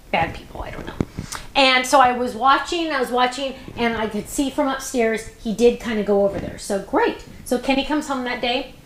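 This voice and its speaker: A fairly high-voiced woman hosts a crafting show in a casual, chatty way. She rambles along with lots of ums and restarts. The room is roomy and echoey, with a faint hiss of background noise. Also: a bit bright. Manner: chatty, rambling storyteller with many fillers.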